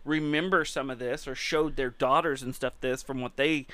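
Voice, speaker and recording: A man's voice: medium pitch, steady tone, normal speed, fairly bright tone, dry recording. A man co-hosting a podcast, chatting casually about movies and shows, joking and swearing freely. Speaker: podcast co-host. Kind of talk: casual chat.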